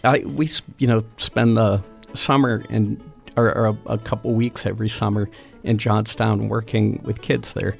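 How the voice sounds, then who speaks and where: A man's voice: fairly low pitch, steady tone, normal speed, creaky, faint music behind. A man hosting a casual interview, hesitant with many fillers and restarts. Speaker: host.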